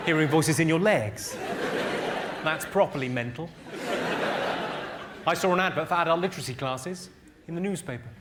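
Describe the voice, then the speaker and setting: A man doing stand-up comedy on stage, firing off deadpan one-liners and teasing audience members in a large theatre. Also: a little high, moderate pace, long pauses. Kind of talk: stand-up comedy roast with crowd work. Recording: loud laughing crowd, live noise.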